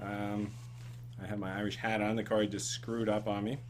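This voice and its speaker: A man's voice: fairly low pitch, flat delivery, normal speed, a little hiss or hum. A man hosting a casual comedy chat show, rambling with ums and laughs. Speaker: show host.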